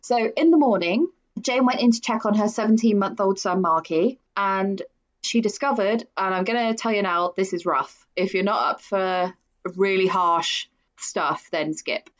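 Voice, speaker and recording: Woman chatting on a true crime podcast, mid pitch, bit muffled audio. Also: normal speed. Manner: chatty, with frequent fillers and laughs. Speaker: podcast co-host.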